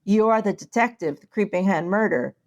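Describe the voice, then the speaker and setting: A woman co-hosting a podcast with wry, deadpan humor. She talks in a relaxed, casual way at a middle pitch. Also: fairly quick, highs cut off. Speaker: podcast co-host and author.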